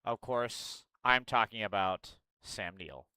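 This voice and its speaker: A man's voice: lowish voice, takes it slowly, sharp tone. A male streamer chatting casually and bluntly on a livestream, swearing freely and reacting aloud as he reads news.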